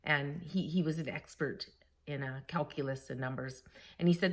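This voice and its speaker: A woman vlogging to her camera, telling a story in a lively, laughing way and often quoting the people she talks about. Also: sits low, normal speed. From Canada. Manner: animated, laughing, quoting others. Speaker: vlogger, former school staff member.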